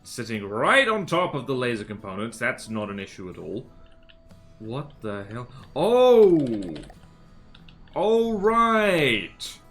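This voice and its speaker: A man's voice: fairly low pitch, lively intonation, normal speed, pushed and bright, soft background music. Rambling man streaming a game. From American South. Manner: rambling, many fillers and self-corrections. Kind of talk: casual live-stream gameplay commentary.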